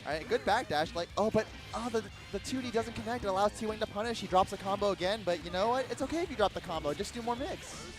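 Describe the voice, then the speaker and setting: High-voiced excitable male esports commentator. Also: music in the background. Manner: excitable, teasing, quick reactions. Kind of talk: fighting game tournament commentary.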